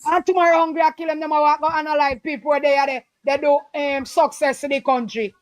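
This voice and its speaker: A woman's voice: sits high, level tone, fast, no echo. A woman with a Jamaican Patois accent, calling in to talk politics, emphatic and repeating her points. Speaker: caller. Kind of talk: impassioned political call-in talk.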